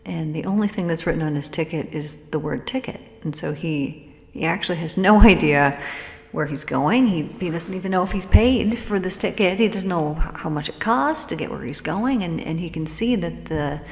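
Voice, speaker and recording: A woman with a lowish voice tells a parable in a casual, rambling way as a spiritual teacher and host. She fills her sentences with "you know" and repeats words as she goes. The voice carries a long room reverb. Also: animated, moderate pace, darkish tone. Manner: casual, meandering, with fillers and repeats. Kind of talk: storytelling a parable.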